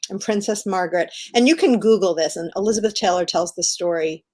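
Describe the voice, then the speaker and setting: A woman's voice: mid-range voice, brisk, warm tone. Woman, middle-aged, guest author, enthusiastic storyteller, casual interview, video call.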